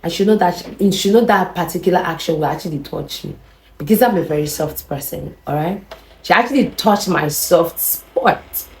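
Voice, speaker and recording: A young woman telling a personal story to camera in a chatty, animated way, repeating words and adding "you know" as she goes. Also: lowish voice, moderate pace. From Nigeria. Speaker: vlogger. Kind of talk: casual storytelling. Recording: echoey room.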